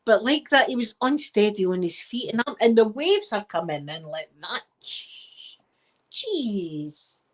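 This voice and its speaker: Casting note: middle-aged Scottish woman, soft chatty ASMR host, meandering storyteller. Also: medium pitch. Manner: chatty and rambling, with frequent wee and laughter. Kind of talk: soft-spoken casual chat.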